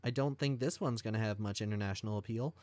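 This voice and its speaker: A man's voice: on the low side, fast talker, darkish tone. A man co-hosting a podcast in casual chat, talking in a tired, rambling way with lots of fillers. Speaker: podcast co-host.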